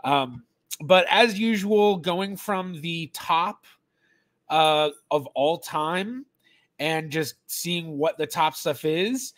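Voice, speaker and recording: A man's voice: a little high, slow, fairly bright tone. A man hosting a casual live stream as a genealogist, chatty, laughing easily as he greets viewers by name, and bothered by allergies. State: allergies, sneezy.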